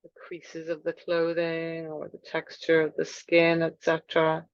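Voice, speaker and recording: Woman yoga teacher, calm unhurried guidance, dry close sound, a touch muffled. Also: low voice, no echo. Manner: gentle, unhurried guiding. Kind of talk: guided movement class. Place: room with wooden floor.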